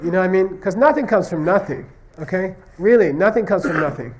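Male Buddhist teacher, slightly high voice, chatty lecture, constant "okay?" check-ins. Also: animated, a little fast. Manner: repeatedly checks understanding with "okay?" and "you see what I mean?"; tells stories, acting out question-and-answer exchanges. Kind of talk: conversational classroom lecture.

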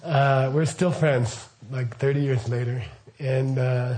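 Man, middle-aged, casual dharma talk, rambling, checks in with the room, average pitch. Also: steady tone, takes it slowly, a little mellow. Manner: rambling, asks listeners questions, frequent okay and right. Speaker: Buddhist teacher. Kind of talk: casual spoken teaching.

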